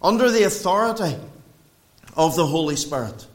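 A man preaching a sermon in a church, swinging between raised emphatic lines and quiet low passages. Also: lively intonation, moderate pace. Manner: preaching with wide swings in pitch and loudness. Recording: echoey room.

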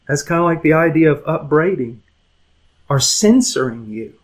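A man's voice: a little high, animated, moderate pace, rough recording. A man teaching a conversational Bible lesson to young people, earnest and emphatic, often repeating words, chuckling, and asking his listeners direct questions.

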